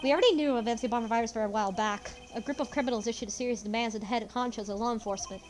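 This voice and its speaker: A woman reads as a loyal, gruff detective in a game playthrough. The voice sits a little high for the role and talks in casual tough-guy slang. Soft music plays underneath. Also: rapid-fire, lightly acted. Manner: casual tough-guy talk, calls people pal. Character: gruff male police detective, loyal, folksy. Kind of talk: fan voice-over of a game.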